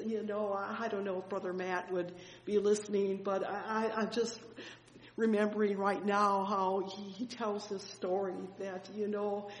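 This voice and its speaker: A preacher telling a Bible story in a sermon, fervent, swelling loud and dropping soft, with frequent exclamations. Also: medium pitch. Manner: fervent storytelling with sudden swells and drops in loudness. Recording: echoey hall reverb.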